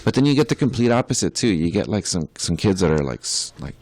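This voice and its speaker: A man's voice: low-pitched, sing-song, fast talker, a little mellow, no echo. A young adult man, a podcast co-host and musician, chatting casually in a rambling, profane way with many filler words.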